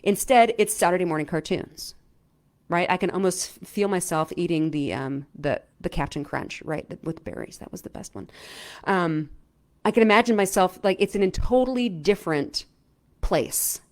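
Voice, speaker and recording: A middle-aged woman coaching viewers in a casual, chatty way, often checking in with "right?" and filling pauses with "um". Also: fairly low pitch. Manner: animated, chatty, lots of "right?" and "um". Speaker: self-help coach. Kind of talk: casual explainer talk to camera.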